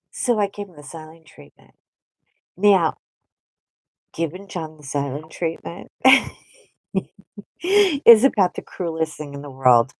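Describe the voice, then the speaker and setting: A woman's voice: mid-range voice, a little mellow, dry recording, poor audio. A middle-aged woman hosting a casual coloring stream, rambling and chatting with frequent laughter. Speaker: host. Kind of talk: casual chat while coloring live.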